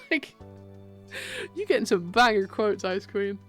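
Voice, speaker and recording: A woman streamer reading a dating game aloud and reacting, excitable, squealing and laughing often. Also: medium pitch, takes it slowly, faint music behind. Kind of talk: live game read-along and commentary.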